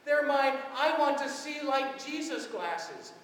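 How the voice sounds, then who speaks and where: A man's voice: very high voice, lively intonation, slow pace, a bit bright, far from the mic, a little hiss or hum, voice pushed up, full character voice. A man voicing an earnest seven-year-old boy with glasses, eager and matter-of-fact, in an echoey church heard from afar.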